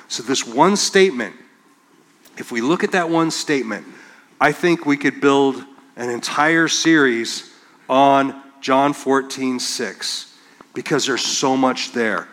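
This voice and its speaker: A man's voice: mid-range voice, a little slow, fairly bright tone. A male pastor preaching a conversational sermon, reading scripture aloud and acting out the quotes. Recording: long hall reverb.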